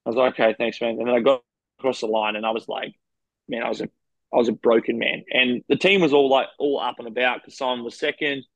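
A man's voice: mid-range voice, steady tone, quick pace, fairly bright tone, no echo, lo-fi sound. An Australian man, a professional cyclist, frankly recounting race stories in a rambling, casual interview. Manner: rambling, frank anecdotes with quoted dialogue.

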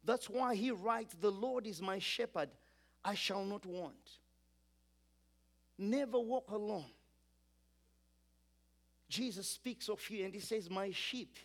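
A man with a high voice preaches a sermon slowly, pausing often. He is emphatic, building through repeated lines and calling on the congregation to repeat after him.

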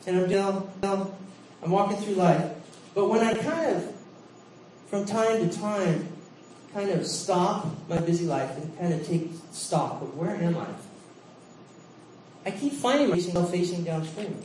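A male preacher giving a sermon with animated, jokey storytelling and frequent laughs. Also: high voice, a little slow, long pauses. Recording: echoey hall, distant mic, faint hiss.

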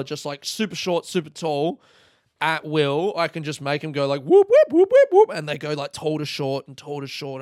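A man telling a long rambling joke on a podcast, acting out characters with sudden high yelps and swearing. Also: no echo, studio quality. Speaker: comedian podcast host. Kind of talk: rambling comic storytelling.

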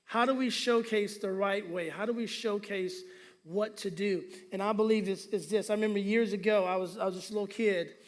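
A man's voice: high-pitched, a bit bright. A male pastor preaching a sermon, telling humorous stories and calling for responses from the congregation.

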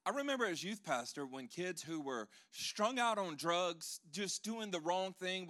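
A high-pitched man preaching to his congregation with lively swings between loud proclaiming and quiet, intimate moments. His tone is bright and forceful, and he throws in joking asides. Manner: animated, swings from loud to hushed. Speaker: pastor. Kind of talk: sermon.

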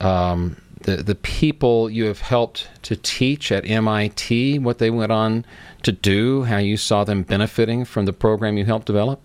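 Man, podcast host, low voice, dry close sound, affirming, repeats points. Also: no echo. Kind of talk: podcast interview.

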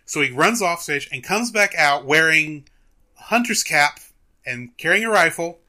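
A man co-hosting a film review podcast, retelling a cartoon in casual chat as an animated storyteller who laughs often. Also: on the high side, normal speed.

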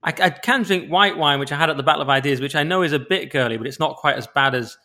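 A man co-hosting a podcast in casual chat, chatty and quick, often repeating words as he goes. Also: fairly high pitch, pushed and bright. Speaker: podcast co-host, former comedian.

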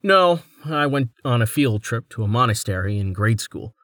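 A man voicing a brisk young male captain who talks casually and gets straight to business. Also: medium pitch, lively intonation, a bit bright, dry recording, clean studio sound, close to an everyday voice. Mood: explaining.

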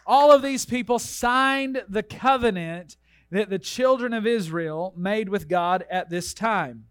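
A male pastor preaching a sermon, reading long name lists with asides and telling a joke story with lively delivery. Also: high-pitched, measured pace, smooth, no room sound, studio quality.

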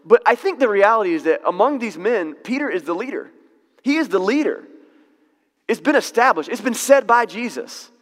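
A man teaching a Bible passage in a relaxed, conversational way, correcting himself and laughing in asides. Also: high voice, normal speed, big-room sound.

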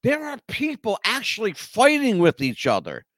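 A man hosting a casual talk show, his voice rising and falling with lively, animated swings as he rambles through stories with emphatic asides. His tone sits a little on the higher side, and the recording is dry and close, with no room sound. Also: moderate pace, no room sound. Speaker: podcast co-host. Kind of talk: casual chat.

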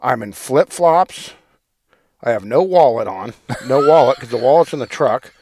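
A man's voice: medium pitch, animated, normal speed, darkish tone, slight background noise. A man, co-hosting a podcast, telling a long rambling story in casual, profane chat. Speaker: podcast co-host.

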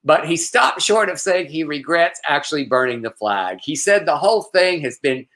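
A man's voice: fairly high pitch, expressive, normal speed, a bit bright. A man co-hosting a podcast, chatting and reading news in a campy, joking way with a lilt. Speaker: podcast co-host. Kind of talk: casual chat, news banter.

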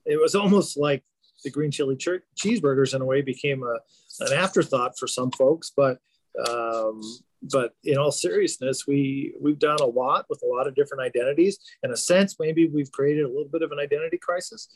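A man who is a baseball team's general manager, answering interview questions in a relaxed, rambling way with many fillers and restarts. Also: on the high side, a little fast.

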